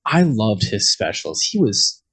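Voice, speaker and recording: A man's voice: lowish voice, very animated, measured pace, fairly bright tone, slightly rough. A man who is a guest on a casual podcast chat, speaking in an easygoing way and chuckling often.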